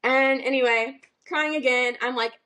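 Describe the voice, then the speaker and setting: A young woman with a fairly high voice vents on a casual podcast. She tells her story hotly and bluntly, with a lot of profanity. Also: fairly even intonation, moderate pace, sharp tone, clear, resonant tone. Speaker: podcast co-host.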